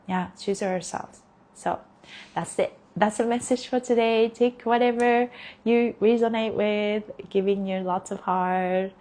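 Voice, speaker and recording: Woman mentor, unhurried guided affirmations, gentle repeat-after-me delivery on a phone live stream, mid-range voice. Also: mid-range voice, fairly even intonation. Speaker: embodiment mentor.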